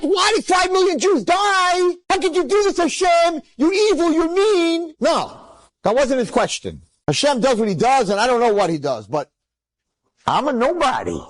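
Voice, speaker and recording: Animated rabbi telling a story. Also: male voice, no room sound. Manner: animated, acts out the old survivor's words with big pitch jumps. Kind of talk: inspirational storytelling talk.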